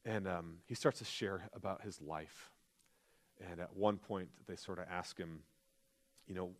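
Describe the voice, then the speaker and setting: A man's voice: deep voice, unhurried. A man, a pastor, preaching a sermon in an earnest, confessional storytelling manner.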